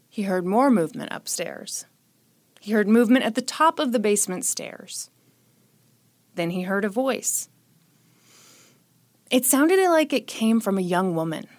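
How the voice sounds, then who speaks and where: A woman's voice: medium pitch, no echo. A woman hosting a podcast who tells a true crime story and chats in a jokey, sarcastic way, short on sleep. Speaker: podcast host.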